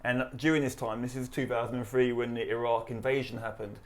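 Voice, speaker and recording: A man's voice: mid-range voice, fairly quick. London-accented army veteran in his thirties, easygoing guest with a mid-range voice. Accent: London English. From East London, England. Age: 30s. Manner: relaxed, chatty, laughs while retelling. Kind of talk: casual interview storytelling.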